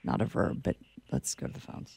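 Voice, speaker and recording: A woman's voice: a little fast, darkish tone, no room sound. A woman co-hosting a radio show, teasing and correcting the host in casual banter. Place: radio studio.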